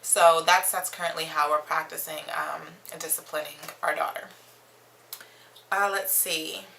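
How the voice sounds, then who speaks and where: Young woman, mom vlogger, chatty, lots of ums, bright tone, slightly low pitch, faint room hiss. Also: fairly even intonation, measured pace, gravelly, rough recording. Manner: chatty, reads questions off her phone, many ums. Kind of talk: casual chat to camera.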